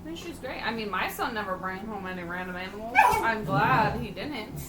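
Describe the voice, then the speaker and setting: A woman's voice: medium pitch, animated, a little fast, far from the mic. A woman co-hosting a podcast, chatting casually and animatedly, who swears freely and acts out quotes. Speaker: podcast co-host. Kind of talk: casual chat. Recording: roomy, from off-mic, faint room noise.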